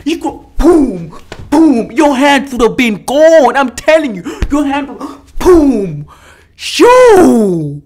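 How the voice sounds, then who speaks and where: A woman's voice: high voice, expressive, takes it slowly, darkish tone. A woman hosting a reaction video who keeps exclaiming in shock and scolding the people on screen, repeating short outbursts. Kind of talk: casual reaction commentary.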